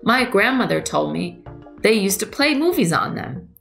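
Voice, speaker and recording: A woman's voice: medium pitch, big pitch swings, moderate pace, gravelly, a bit bright, soft background music. A woman reading a playful young girl.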